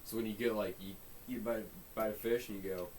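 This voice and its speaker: A man's voice: lowish voice, steady tone, brisk, darkish tone. A man co-hosting a podcast, joking around in casual chat and acting out little scenes in muttered voices. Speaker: podcast co-host. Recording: distant mic with faint hiss.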